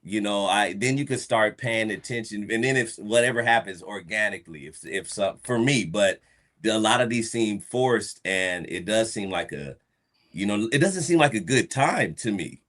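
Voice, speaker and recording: A man's voice: lowish voice, animated, normal speed, a bit bright. A man chatting casually as a podcast host, rambling with many restarts, laughing and acting out quotes. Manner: rambling, stop-start, laughs often, acts out quotes. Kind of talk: casual chat.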